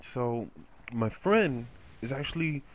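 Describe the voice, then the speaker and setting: Male gameplay commentator, casual and crude, rambling storyteller, mid-pitched voice. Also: expressive, slow pace, slight background noise.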